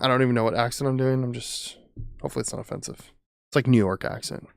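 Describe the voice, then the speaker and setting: A man's voice: medium pitch, expressive, fast talker, vocal fry, darkish tone, no room sound. A man chatting casually on a live stream from his home studio, rambling and swearing freely while talking to viewers. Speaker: streamer and audio engineer. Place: home studio with sound panels.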